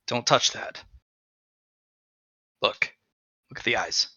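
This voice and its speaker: A man doing a grim, hushed veteran monster hunter. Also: expressive, moderate pace, dry recording, highs cut off, full character voice. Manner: low, quiet, threatening growl.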